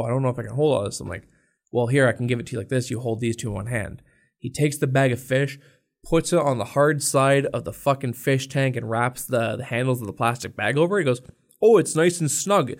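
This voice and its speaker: A man's voice: mid-range voice, fast. Swearing, exasperated young man. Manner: profane, exasperated storytelling, acts out customers. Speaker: podcast co-host. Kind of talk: casual podcast chat.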